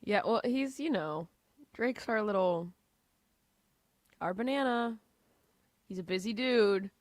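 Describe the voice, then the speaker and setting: A woman working as a show producer and co-host in casual studio chat, teasing in deadpan banter. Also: medium pitch, slow pace, no room sound.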